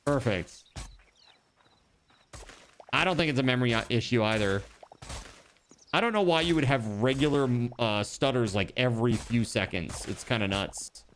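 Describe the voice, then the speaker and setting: A man streams a game live, talking straight to his chat in a loose, rambling way. He trails off and restarts his sentences as he thinks out loud. His voice sits at an ordinary middle pitch, with a faint noise underneath. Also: animated, moderate pace, pauses often. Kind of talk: casual live-stream chat while gaming.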